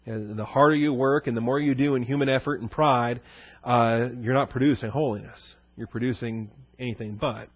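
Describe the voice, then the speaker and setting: A man's voice: medium pitch, no room sound, muffled recording. A male pastor giving a conversational verse-by-verse sermon, asking his listeners questions and answering them himself, with many fillers.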